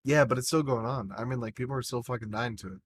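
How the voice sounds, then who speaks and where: A man's voice: mid-range voice, fast, dry recording. A man co-hosting a casual podcast, telling rambling stories and swearing freely. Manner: profane, rambling storyteller. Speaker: podcast co-host.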